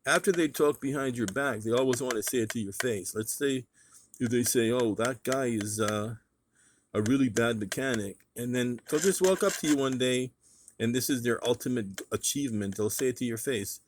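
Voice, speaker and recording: A man's voice: medium pitch, a little fast, a little hiss or hum. A man vlogging in a casual monologue, talking emphatically in a ranting way and repeating his points.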